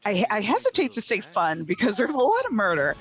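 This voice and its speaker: A woman film critic talking through a new series in casual chat, at a middle pitch. She is animated and laughs often, with lots of "um" and "like". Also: a little fast.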